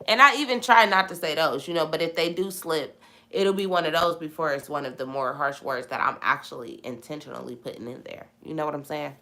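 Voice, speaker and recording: A woman's voice: low-pitched, brisk, sharp tone. A young woman hosting a casual live-stream Bible talk, repeating phrases for emphasis as she preaches and reacts to viewer comments. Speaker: host of a live Bible chat.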